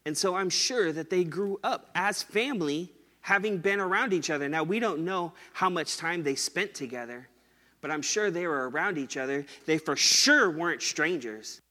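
A man with a high, bright voice teaches a Bible study in an easygoing, conversational way, often turning to his listeners for agreement. His voice rings with a long reverb, as in a large hall. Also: expressive, normal speed. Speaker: pastor.

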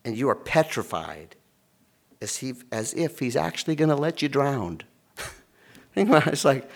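This pastor's voice sits a little high, moves a little slowly, and carries some vocal fry. The middle-aged man preaches a sermon full of animated stories, acting out the voices of those involved.

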